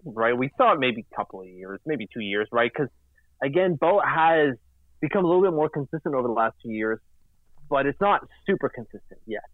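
A man co-hosting a casual sports podcast, chatty and animated, acting out quotes in silly voices. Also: medium pitch, dry recording. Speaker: podcast co-host. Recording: tinny phone-like line.

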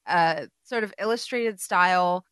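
A woman co-hosts a casual podcast chat with a bright, forceful voice. She talks in a candid, profane and animated way and acts out scenes as she tells them. The sound is close and dry. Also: on the low side, a little slow, clean tone, dry recording. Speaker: podcast co-host.

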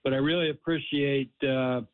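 A man's voice: mid-range voice, fairly even intonation. Brief: man, polite executive guest, phone-line audio, mid-range voice. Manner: polite, gracious, quick. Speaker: bowl game executive, guest. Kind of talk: phoned-in radio interview.

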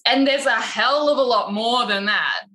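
A woman chatting casually about her photography business, animated and full of filler words. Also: a little high, normal speed, low-quality recording. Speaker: wedding photographer, podcast guest. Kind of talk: casual podcast chat.

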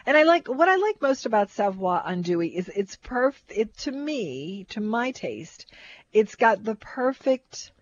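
A woman's voice: on the high side, very animated, unhurried. An older woman chatting casually about food, rambling and restarting her sentences often. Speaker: co-host. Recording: dull lo-fi recording.

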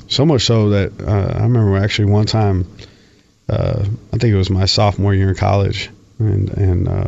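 Candid self-mocking coach, dry, lo-fi testimony take. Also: male voice, fairly low pitch, vocal fry, darkish tone, dry recording. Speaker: high school football coach. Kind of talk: personal testimony.

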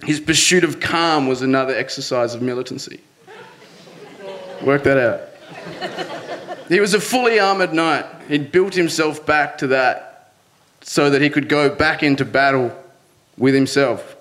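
Brief: young man, storyteller, mid-pitched voice, earnest delivery with nervous laughs breaking through. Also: a little slow, long pauses, fairly bright tone. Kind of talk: personal storytelling monologue.

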